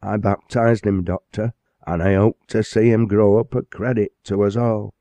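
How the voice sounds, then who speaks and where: A man voicing a gruff parson with a harsh voice in a storybook reading. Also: lowish voice, a little slow, mellow, no room sound, pitched above the performer's own voice. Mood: grieving.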